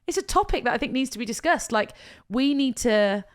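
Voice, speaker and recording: A woman with a fairly high voice chatting on a podcast. She tells stories in a lively, emotional way and laughs often between her lines. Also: brisk. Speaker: podcast co-host, wedding planner. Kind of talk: casual chat.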